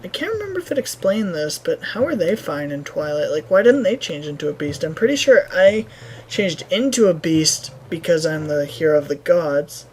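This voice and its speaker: A woman's voice: low voice, very animated, moderate pace, darkish tone, slight background noise, rough recording. A woman hosting a gaming playthrough, making dry, sarcastic asides. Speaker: gaming video host. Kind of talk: game commentary. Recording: game music behind.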